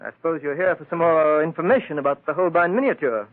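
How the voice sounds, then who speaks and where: Actor as a cornered middle-aged crook, flustered and defensive, 1940s radio play, phone-thin sound. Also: male voice, on the high side, quick pace, slight background noise, natural voice. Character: panicky middle-aged male art collector turned crook. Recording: tinny old radio broadcast.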